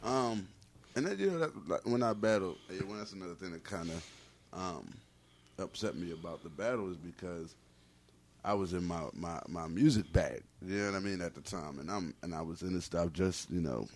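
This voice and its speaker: A man guesting on a podcast as a battle rapper, talking in a relaxed, filler-heavy way. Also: deep voice, moderate pace. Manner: laid-back, filler-heavy talk. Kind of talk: casual podcast interview.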